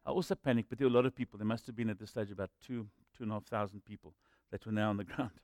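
A man preaching a sermon and telling personal stories, moving between loud emphatic lines and quiet asides. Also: lowish voice, steady tone, racing, no echo, clean studio sound. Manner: storytelling, swinging from loud emphasis to hushed asides.

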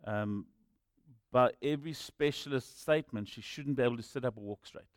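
A male preacher at a moderate pace delivers a sermon built around personal testimony, in a dry, close recording with hardly any room sound. In his ordinary mid-range voice, he swings from loud, forceful declarations to quiet, confiding asides.

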